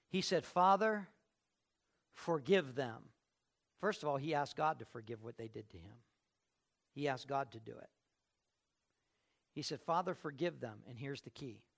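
A man preaching a sermon in an emphatic way, building to loud bursts and acting out the people he quotes. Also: medium pitch, gravelly.

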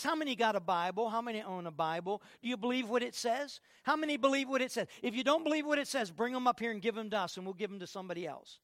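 A male pastor preaching an Easter sermon, swinging from quiet passages to shouted declarations and rapid questions to the congregation. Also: very high voice, dry recording, studio quality.

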